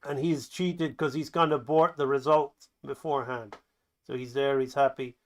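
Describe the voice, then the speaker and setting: In a medium-pitched voice at a moderate pace, a man who teaches animation talks through his own animatic, calling the action as it unfolds. He's loose and chatty, full of fillers and restarts, and excitedly acts out each scene.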